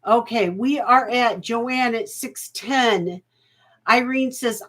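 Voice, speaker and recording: A woman's voice: high voice, very slow, bright, forceful tone. A woman hosting a live jewelry auction stream, chatty and folksy, laughing often and getting emotional.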